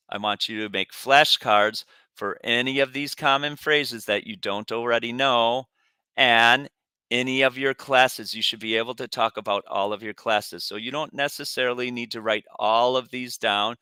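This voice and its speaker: A man teaching a recorded Spanish lesson, saying each word in English and Spanish and pausing for students to repeat. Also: medium pitch, bright, forceful tone, clear, resonant tone, dry recording. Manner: pronounces words for students to repeat.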